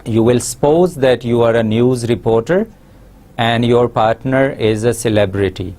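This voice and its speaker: A man giving a recorded university lesson, explaining slowly with many pauses and fillers. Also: medium pitch, darkish tone. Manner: slow, explanatory, frequent uh fillers. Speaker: English lecturer.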